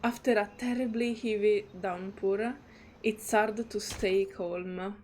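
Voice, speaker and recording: A woman's voice: medium pitch, fairly even intonation, slow pace, a little mellow, slight background noise. A woman streamer reading game text aloud and reacting in a chatty, giggly way. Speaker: gaming streamer.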